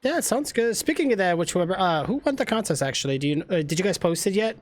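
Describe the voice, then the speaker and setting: Streamer rambling thru a roleplay game, lots of ums, mid pitch, thinking out loud. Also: animated, fast talker, dry recording, clean studio sound. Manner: rambling, many fillers, thinks aloud to viewers. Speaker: live streamer. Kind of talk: casual game roleplay chat.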